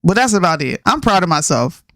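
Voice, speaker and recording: Animated woman ranting in casual chat. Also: lowish voice, brisk, no echo, clean studio sound. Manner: animated, ranting, with laughs and slang. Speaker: podcast co-host.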